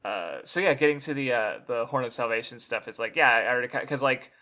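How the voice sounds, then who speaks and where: A male guest in a casual discussion, talking haltingly with many fillers and restarts. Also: medium pitch, sharp tone.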